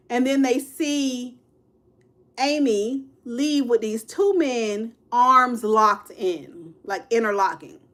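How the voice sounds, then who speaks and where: Hosting an easygoing true-crime livestream, a woman in her fifties talks in a slightly high voice. She turns to her viewers with "y'all," "child" and "honey" and works through their comments in real time.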